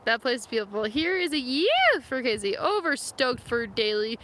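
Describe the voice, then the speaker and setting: Reading viewer comments aloud during an outdoor live stream, a young San Francisco woman chats casually in the wilderness. Her slightly high voice is animated and fairly bright at a normal speed, captured on a phone camera with faint outdoor noise.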